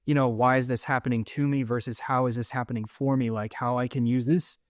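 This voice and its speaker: A middle-aged man in the host's chair, feeling his way through long thoughts with lots of likes and restarts. His voice sits in a middle pitch and is recorded dry and close, with no room sound. He talks in an easy, casual way. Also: steady tone, brisk, dry recording. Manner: rambling, searching for words with many fillers and restarts. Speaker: podcast host. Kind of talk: casual conversational interview.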